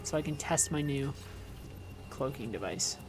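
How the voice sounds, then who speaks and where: A woman's voice: a bass voice, animated, unhurried, music in the background. Rambling, profane woman in her thirties. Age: 30s. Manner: rambling, profane, sarcastic rants with restarts. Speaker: streamer. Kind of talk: casual livestream chat while gaming.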